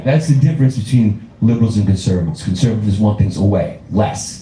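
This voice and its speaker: A man's voice: mid-range voice, very animated, a little fast, crowd noise. A man doing a stand-up comedy set, riffing profanely and laughing through his own jokes. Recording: roomy club with live audience.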